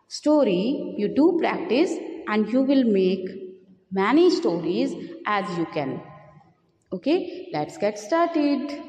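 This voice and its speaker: A woman teacher giving a storytelling lesson to children in a slow, instructive way. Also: a little high, darkish tone, reverberant, long reverb tail.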